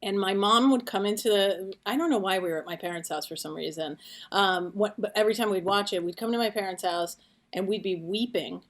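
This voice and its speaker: A woman's voice: mid-range voice, fairly quick. A woman hosting a podcast, chatting casually and telling family stories. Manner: chatty, storytelling with quoted family. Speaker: podcast host. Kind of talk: casual chat.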